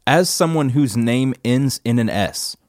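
A man hosting a casual podcast chat from a church office, laid-back and self-deprecating, often trailing off into quiet asides. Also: medium pitch, animated, a little slow, dry recording, clean studio sound. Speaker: podcast host.

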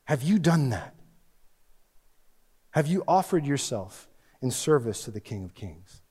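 Guy preaching a sermon, pitch all over the place, goes big then real quiet, long echo in a big church. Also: sing-song, unhurried, husky. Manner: swings between loud emphatic and hushed lines. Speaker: pastor. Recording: long reverb of a large hall.

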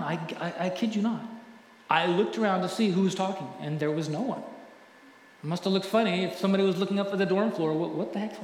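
A middle-aged male pastor preaching a sermon earnestly, often dropping to a hushed voice when telling stories. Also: a little high, slight background noise. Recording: echoey hall with faint ambience.

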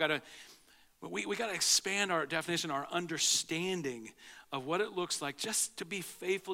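A man delivers a sermon in his church with a high, ringing voice. He talks conversationally, stumbling through restarts, then drops his voice low and slow to press a point home. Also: gravelly, pushed and bright. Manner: conversational, halting with repeated restarts. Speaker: pastor. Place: church sanctuary.

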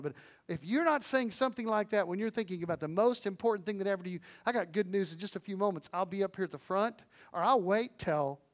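A man preaching a sermon, earnest and animated, swinging between hushed and loud, with folksy storytelling and asides to the audience. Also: high-pitched. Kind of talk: sermon on evangelism.

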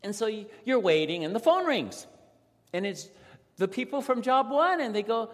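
Male pastor in the pulpit, slightly high voice that swings widely as he tells stories, long church reverb. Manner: animated storytelling with dramatic pauses. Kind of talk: sermon. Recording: long reverb of a large hall.

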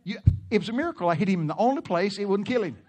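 A middle-aged man, preaching in a folksy, laughing storytelling manner that breaks into loud shouts. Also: high-pitched, lively intonation, very fast. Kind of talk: sermon storytelling.

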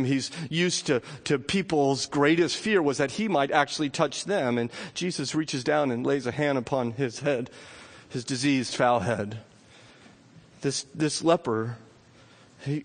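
A man preaching a sermon from the pulpit in a church, moving from hushed, slow passages to loud, high appeals. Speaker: pastor. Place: church sanctuary.

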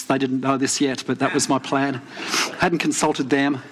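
A middle-aged man, preaching a sermon and telling a personal story with dramatic pauses, dropping low and soft for emphasis. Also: little pitch movement. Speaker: pastor.

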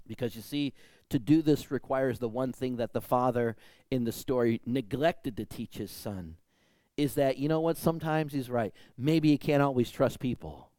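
A man's voice: medium pitch, warm tone, dry recording. A man preaching a sermon in a conversational way, acting out voices when he tells a story. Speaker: pastor.

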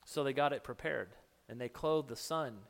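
A man's voice: mid-range voice, moderate pace, vocal fry. A man leading a Bible study as pastor, retelling the story casually with many restarts and putting questions to his listeners. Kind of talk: conversational sermon with audience questions. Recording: long hall reverb.

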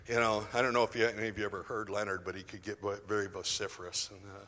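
A man's voice: on the low side, little pitch movement, fast, sharp tone, long reverb tail. A man preaching a sermon in a church auditorium, telling a story with feeling and building to emphatic declarations.

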